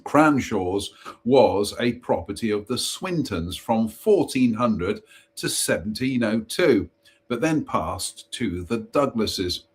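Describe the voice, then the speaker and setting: A man reads ghost stories aloud on a live stream in a slow, unhurried way. His voice is husky and a little rough. Between passages he makes chatty, self-mocking asides and trips over the odd place name. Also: lowish voice, expressive. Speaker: host.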